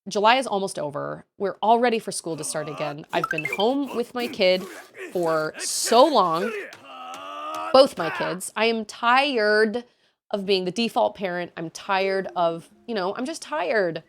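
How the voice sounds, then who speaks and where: Lively-pitched woman venting on a stream. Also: normal speed, noisy background. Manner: venting, rambling with frequent restarts. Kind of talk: casual chat while gaming.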